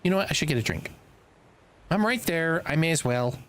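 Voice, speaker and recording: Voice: medium pitch, expressive, fairly quick, a bit bright. A live streamer talking through a game in casual commentary, rambling to themselves and breaking into sudden exasperated outbursts. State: throat slightly tickled.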